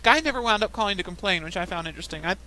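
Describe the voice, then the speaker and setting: Bright-voiced young woman chatting while gaming. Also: medium pitch, expressive, very fast, poor audio. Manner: rambling storytelling, frequent laughs. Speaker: gaming podcaster. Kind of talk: casual chat while playing a game.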